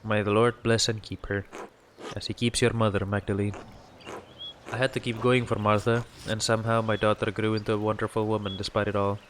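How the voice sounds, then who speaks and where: A man voicing a widowed older father who is still grieving his son, reading slowly and somberly. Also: on the low side, level tone, slight background noise, natural voice.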